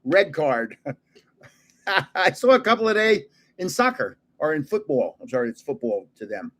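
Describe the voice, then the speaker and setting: An older man talks casually to his livestream viewers, chuckling as he goes. His voice sits a bit high and swings widely in pitch. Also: very animated, a little slow, fairly bright tone. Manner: chatty, chuckling, greets viewers. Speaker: card-collecting livestream host. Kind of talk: casual livestream chat while opening cards.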